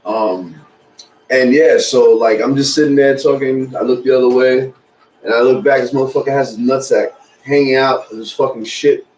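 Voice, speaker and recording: A man's voice: medium pitch, steady tone, normal speed, a little mellow. A man on a podcast in casual chat, telling a laid-back, profane anecdote. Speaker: podcast co-host. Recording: echoey room, faint noise.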